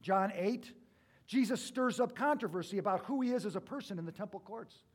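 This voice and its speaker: A male pastor preaching a sermon, telling stories with big swings from loud to hushed. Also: high-pitched, a little fast.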